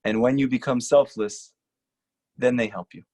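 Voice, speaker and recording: A rabbi giving an earnest, emphatic lecture and repeating short lines for stress. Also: male voice, medium pitch, fairly even intonation, moderate pace, warm tone. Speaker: rabbi teaching a class. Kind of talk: earnest sermon-style lecture.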